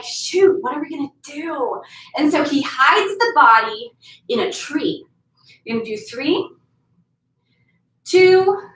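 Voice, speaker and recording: A woman's voice: high voice, bright, forceful tone. Woman, fitness instructor, upbeat counting cues, storytelling workout, roomy, distant from mic. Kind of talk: workout class told as a story.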